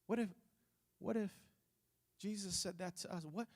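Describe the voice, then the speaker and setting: Male pastor, high voice, passionate church sermon delivery. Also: moderate pace, creaky. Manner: passionate preaching that rises loud on repeated phrases.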